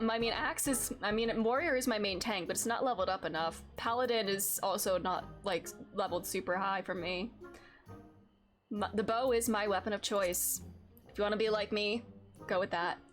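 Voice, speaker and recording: A woman streamer in casual game commentary, rambling and interrupting herself. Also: mid-range voice.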